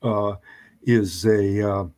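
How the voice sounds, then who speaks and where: A man speaking as a guest in a discussion, who talks haltingly with many hesitations and restarts. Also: fairly low pitch, steady tone, darkish tone. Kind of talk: conversational debate.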